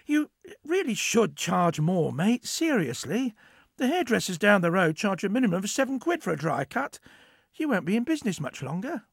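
A man's voice: high-pitched, sing-song, moderate pace, vocal fry, breathy edge, no room sound, clean studio sound, voice pushed up, heavily acted. Man doing a flustered, stammering young bloke. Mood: chatty. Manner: stammering, exclaiming. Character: flustered young British man, easily baffled.

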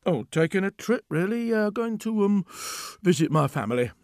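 A sheepish, evasive barber, as a storyteller puts him on, mumbling and halting over his words. The pitch moves a lot, and the sound is dry and close. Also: sing-song, a little mellow, no room sound.

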